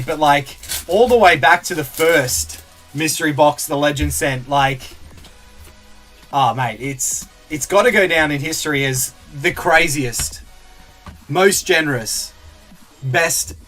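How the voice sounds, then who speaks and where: A man with a high, light voice chats away casually on a live stream while he opens card packs. He reads out viewer comments and laughs easily, with faint music playing behind him. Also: fairly bright tone. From Australia. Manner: chatty, laughs a lot, reads out chat comments.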